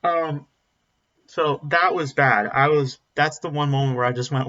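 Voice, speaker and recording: A man's voice: a little high, measured pace, bright, forceful tone. Blunt rambling man reviewing a film. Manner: blunt, rambling, frequent ums and restarts. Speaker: movie reviewer. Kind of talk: casual spoken film review. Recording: slightly dull lo-fi audio.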